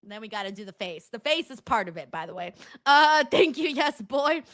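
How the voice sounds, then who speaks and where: A young adult woman hosting a casual livestream, reading out viewer messages in an excitable way, laughing often and swearing freely. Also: fairly high pitch, fairly quick. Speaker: livestream host. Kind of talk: casual watch-along chat, reading viewer donations.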